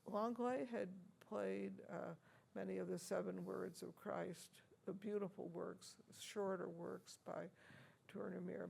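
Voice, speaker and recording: A woman's voice: on the low side, gravelly, darkish tone, breathy edge. An older American woman being interviewed as an organist and teacher, telling stories in a chuckling, anecdotal way with many hesitant restarts. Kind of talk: reminiscing interview talk.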